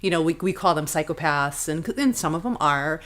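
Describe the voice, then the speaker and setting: Woman, podcast co-host, casual chat, reflective, earnest, slightly low voice. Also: expressive, a little fast, a bit bright.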